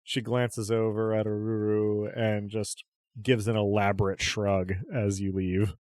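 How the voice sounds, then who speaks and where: A man's voice: on the low side, level tone, measured pace, darkish tone, dry recording, studio quality. A man narrating a tabletop game as game master, chatty and often restarting his descriptions.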